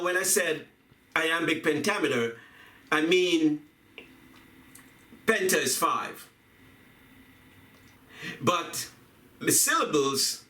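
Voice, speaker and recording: A man giving a reflective talk on poetry and music, speaking deliberately, repeating phrases and chanting rhythms aloud. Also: a little high, pushed and bright. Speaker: video essayist on poetry and music. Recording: echoey room, voice from a distance.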